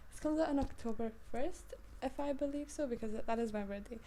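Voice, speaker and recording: Young female book reviewer, British-sounding accent, soft mellow timbre, playful rambling chat. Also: high voice, moderate pace, a little hiss or hum. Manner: rambling, self-interrupting, playful. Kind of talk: casual chat.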